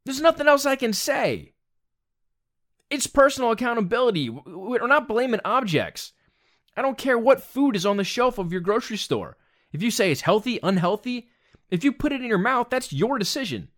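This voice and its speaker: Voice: medium pitch, big pitch swings, moderate pace. Blunt, exasperated ranting commentator. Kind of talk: opinion rant monologue.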